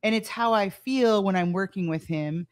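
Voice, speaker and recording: A woman's voice: mid-range voice, normal speed. A woman entrepreneur chatting on a talk show, telling stories with many fillers and restarts. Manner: rambling storyteller with many fillers. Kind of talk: casual chat.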